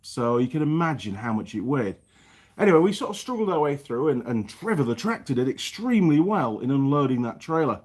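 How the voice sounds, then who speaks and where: A man's voice: medium pitch, brisk, breathy edge. A man hosting a casual live stream from his home workshop, chatting away and greeting viewers by name. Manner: chatty, reads viewer names aloud with lively greetings. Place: home workshop in New Zealand.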